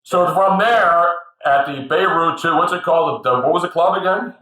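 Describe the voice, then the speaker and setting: A male host asking a guest questions in a casual interview chat, speaking slowly with drawn-out questions. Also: fairly high pitch, pushed and bright. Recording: roomy echo.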